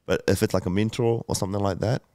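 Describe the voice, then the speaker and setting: A man's voice: lowish voice, fairly even intonation, fast talker, warm tone, dry recording, studio quality. A man in his thirties, a podcast guest, telling his story candidly and emotionally, with lots of swearing, fillers and restarts. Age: 30s.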